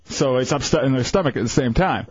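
A man's voice: medium pitch, fast, breathy edge, muffled recording. A man co-hosting a casual late-night radio show, laid-back and easygoing, with many hesitant fillers. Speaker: radio co-host.

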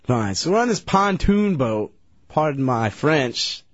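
A man's voice: on the high side, very animated, unhurried, no room sound. A tired man telling a rambling story on a radio show, hesitating and restarting his sentences. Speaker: regular guest recounting a story. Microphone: studio radio mic. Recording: dull dry radio broadcast.

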